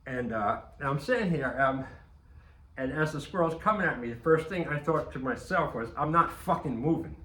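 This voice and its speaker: A man's voice: medium pitch, expressive, moderate pace, a bit bright, reverberant, poor audio. A man telling a casual, rambling anecdote, swearing often and restarting his sentences. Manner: rambling, profane, frequent restarts and fillers. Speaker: storyteller.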